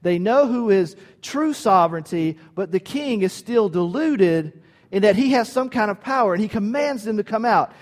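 A man preaches with a fairly high voice, talking to his listeners in an emphatic, conversational way. His words trail off into a long reverb, as in a large hall. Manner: emphatic, conversational, asks "right?". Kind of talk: sermon.

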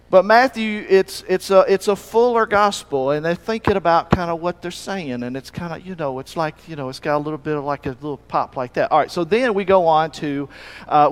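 Brief: man, Alabama Southern accent, folksy joking pastor, slightly raised pitch. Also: clean tone. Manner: folksy, joking, loose and rambling. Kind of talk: sermon with humor.

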